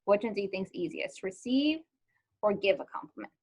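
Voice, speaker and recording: A woman leads a live online lesson in a loose, conversational way. She fills her speech with ums and likes and keeps turning to the class with questions. Her voice sits at an ordinary middle pitch. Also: lively intonation, brisk, darkish tone. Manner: chatty, lots of ums and likes, asks students questions. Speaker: teacher.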